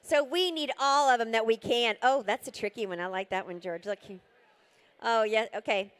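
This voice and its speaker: A woman's voice: a little high, moderate pace, clear, resonant tone. A woman calling a live charity auction, coaxing the crowd and rattling off repeated bid figures.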